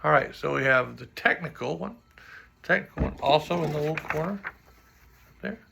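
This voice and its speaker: Gravelly-voiced man coaching trombone. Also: fairly high pitch, moderate pace, noisy background. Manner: talks through his own playing, sings rhythms. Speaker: trombone teacher. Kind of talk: music clinic instruction.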